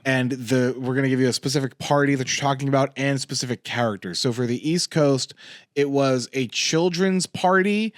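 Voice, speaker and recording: A man's voice: mid-range voice, moderate pace, no room sound, studio quality. A man co-hosting a podcast, casually recapping an episode and acting out quoted lines. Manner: animated, acts out quoted lines. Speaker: podcast co-host.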